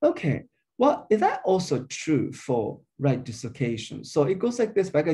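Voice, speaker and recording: A man with as his delivers an academic linguistics lecture in a mellow, slightly raised voice. His pitch rises and falls a lot as he explains each point step by step. He fills his pauses with frequent uh and um. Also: huge pitch swings. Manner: explanatory, thinking aloud with frequent uh and um.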